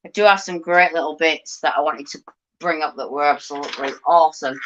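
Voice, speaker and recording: A woman's voice: low-pitched, brisk, lo-fi sound, slight background noise. A woman co-hosting a podcast, chatting casually and gushing enthusiastically about the show. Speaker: podcast co-host. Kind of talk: casual chat.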